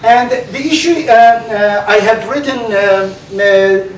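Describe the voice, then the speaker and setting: A man with a Turkish accent, a native Turkish speaker, giving an animated debate speech full of fillers and restarts. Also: high-pitched, slight background noise. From Turkey. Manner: animated, halting with many fillers. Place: large hall. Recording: echoey hall recorded from far off.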